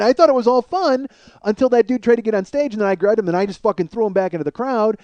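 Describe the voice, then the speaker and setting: A man hosting a comedy podcast, telling a long profane story in an animated way. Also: sits high, quick pace, no room sound, muffled recording. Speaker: podcast host.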